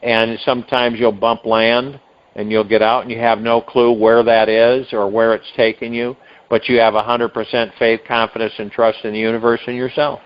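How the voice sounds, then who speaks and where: A man hosting a meditation call, giving a rambling spiritual talk with restarts and drawn-out emphasized words, heard over a phone conference line. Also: mid-range voice, flat delivery, clear, resonant tone, highs cut off.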